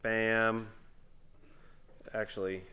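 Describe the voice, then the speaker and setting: A middle-aged man at home playing a tabletop game with his son, calling out his moves and counting dice aloud in a quiet mutter. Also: lowish voice, little pitch movement, very slow, dull audio. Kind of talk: casual tabletop game play.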